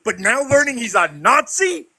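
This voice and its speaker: A man with a very high, bright, sharp voice rants in an online voice chat. He shouts and swears nonstop, raging at the people he's angry with. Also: sing-song, moderate pace, breathy edge. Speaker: regular on a debate stream. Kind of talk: furious online voice-chat rant.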